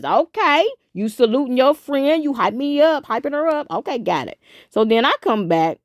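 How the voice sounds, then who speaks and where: A woman's voice: on the high side, moderate pace, dry recording, clean studio sound. A woman commentary host, casually reading messages aloud to viewers, cussing and talking to them directly. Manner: animated, cussing, talks to viewers as y'all. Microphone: phone.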